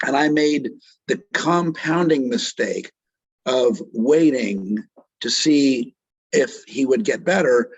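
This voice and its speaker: Earnest husky-voiced middle-aged man. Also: medium pitch, lively intonation, slow, no room sound, lo-fi sound. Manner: vivid retelling that acts out quoted speech; earnest, emotionally moved. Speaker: doctor and author being interviewed. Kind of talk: interview storytelling.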